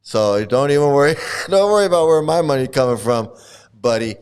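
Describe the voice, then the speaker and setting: A man's voice: medium pitch, lively intonation, moderate pace, darkish tone, clean tone. A man giving mocking, sarcastic commentary, swearing freely and laughing often. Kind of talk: mocking commentary on an archival recording.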